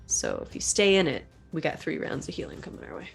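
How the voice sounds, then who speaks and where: A woman's voice: sits low, huge pitch swings, fast, vocal fry, soft background music. A woman playing a tabletop game, chatty and hesitant with fillers. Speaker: player. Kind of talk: casual tabletop game play.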